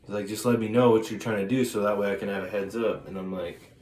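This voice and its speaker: Man, lowish voice, rambling storyteller, restarts a lot; roomy echo, faint background hiss. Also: steady tone, darkish tone. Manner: rambling, halting with many restarts and fillers. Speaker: vlogger. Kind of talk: casual storytelling. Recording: echoey room with faint ambient noise.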